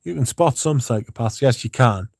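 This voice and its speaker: A man's voice: mid-range voice, moderate pace, gravelly, no room sound, studio quality. Laid-back man chatting on a livestream. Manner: relaxed, rambling, chatty with fillers. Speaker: fragrance livestream host. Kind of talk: casual livestream chat, reading comments.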